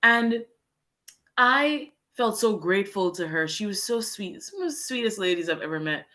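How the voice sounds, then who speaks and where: A young Jamaican woman, a guest on a podcast interview, candidly shares a heartfelt story about teaching English in Japan, speaking earnestly in long, winding sentences. Her medium-pitched voice is animated, pushed and bright, at a moderate pace.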